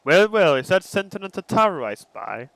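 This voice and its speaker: A man's voice: high-pitched, big pitch swings, moderate pace, creaky, fairly bright tone, no room sound, heavily acted. Man reading as a grandiose merchant. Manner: grandiose, showman-like, stumbling over words. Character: smooth-talking male merchant, self-assured.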